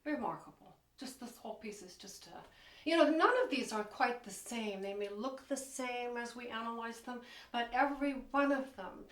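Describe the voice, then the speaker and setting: A woman teaches a piano piece as she plays, counting beats and singing phrases with enthusiasm. Her voice sits a little high and sounds roomy, caught from a distance. Piano plays behind her. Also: moderate pace. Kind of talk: teaching while playing piano. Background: piano playing.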